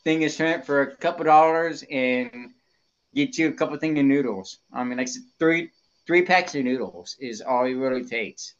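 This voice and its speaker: A man's voice: medium pitch, moderate pace, clear, resonant tone. Eager man in dull lo-fi audio. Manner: enthusiastic, repeats catchphrases, filler words. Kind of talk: casual chat.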